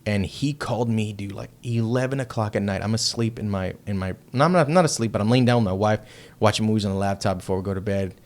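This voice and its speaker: A man from Texas, a heavy metal band member, telling a story as a podcast guest in a loose, profane and excitable way. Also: lowish voice, fast talker, hardly any pauses. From Texas, United States. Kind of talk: casual storytelling chat.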